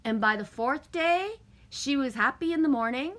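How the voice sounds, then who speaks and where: A woman's voice: high-pitched, animated, moderate pace, fairly bright tone. A middle-aged woman from Canada chatting casually on a livestream, chipper and profane, laughing often and greeting viewers by name. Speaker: livestream host.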